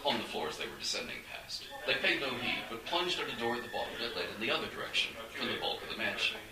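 A man narrating a fantasy adventure audiobook in an animated, dramatic storytelling manner. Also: mid-range voice, fast, crowd noise. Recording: echoey room, distant mic, faint hiss.

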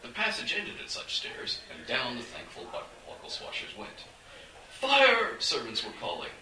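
A man narrating a fantasy adventure audiobook in an animated, dramatic storytelling manner. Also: mid-range voice, moderate pace. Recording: echoey room, distant mic, faint hiss.

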